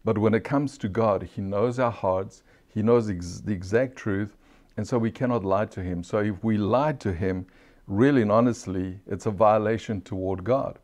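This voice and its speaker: Earnest, lower-voiced man teaching a sermon. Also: normal speed, darkish tone. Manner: earnest, conversational, asks rhetorical questions, laughs lightly. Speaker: Bible teacher.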